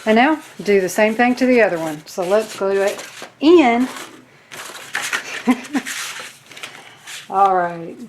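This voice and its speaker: A woman's voice: medium pitch, expressive, takes it slowly, pauses often, a little hiss or hum. Chatty Southern woman teaching a craft. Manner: chatty, self-deprecating, talks to viewers while working. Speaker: crafting video host. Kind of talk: casual craft tutorial.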